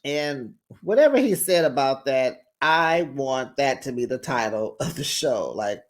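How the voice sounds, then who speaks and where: Recap vlogger: sassy, teasing, animated, lively swings in pitch, talks straight to viewers. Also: unhurried. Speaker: reality TV recap host. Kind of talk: casual reality-show recap commentary.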